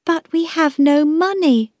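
A woman's voice: darkish tone, dry recording. A frightened young girl, as a woman reader puts her on, her voice lifted far above the narration and her words drawn out with worry. The storybook reading sounds dry and close. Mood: worried. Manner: high, anxious, drawn-out.

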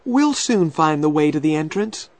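A man's voice: fairly high pitch, animated, moderate pace, no room sound, pitched above the performer's own voice. A man doing a brave young boy. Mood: reassuring. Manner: urgent and reassuring. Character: brave young boy leading a girl out of a cave. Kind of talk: storybook reading.

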